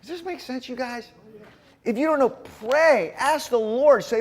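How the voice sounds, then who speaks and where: A middle-aged man giving a sermon-style talk to a men's gathering, telling personal stories in a folksy, animated way. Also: very high-pitched, measured pace. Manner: folksy, animated storytelling with frequent asides to the group. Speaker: speaker at a men's ministry gathering.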